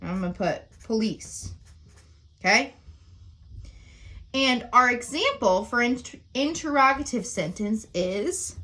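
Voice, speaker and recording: A woman's voice: mid-range voice, unhurried, fairly bright tone. A woman teacher explaining sentence types in a recorded lesson, often checking in with "okay?" and "right?".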